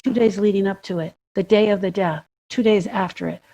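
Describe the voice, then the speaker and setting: A woman's voice: medium pitch, steady tone, a little fast, dark tone. A woman co-hosting a podcast, talking about grief in an emphatic way and building her points through repetition and questions. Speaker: podcast co-host. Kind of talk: reflective conversation about grief.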